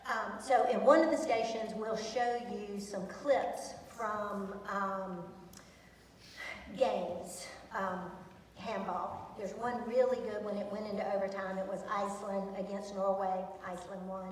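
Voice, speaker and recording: A woman's voice: medium pitch, fairly even intonation, a little slow, slight background noise. A woman teacher presenting to students, chatty and enthusiastic, with many ums. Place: large echoey school hall. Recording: echoey hall from far off.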